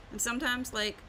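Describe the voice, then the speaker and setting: A woman's voice: a little high, bright, forceful tone, slight background noise. A woman hosting a live art stream, chatting casually while teaching drawing and often laughing at herself.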